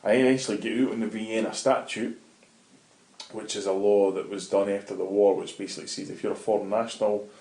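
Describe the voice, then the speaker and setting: A man's voice: fairly low pitch, little pitch movement, a little fast, warm tone. Scottish man telling a story. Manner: vivid anecdotal storytelling, frequent swearing. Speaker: interview guest. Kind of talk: casual storytelling interview. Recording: roomy echoey room.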